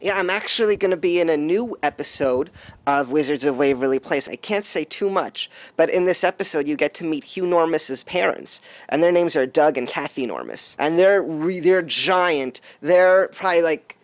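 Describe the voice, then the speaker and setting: Chatty young-sounding actor, dry sound. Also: male voice, a little high, animated, moderate pace, dry recording. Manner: eager, chatty, rambling. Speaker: actor guest. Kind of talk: casual interview answers.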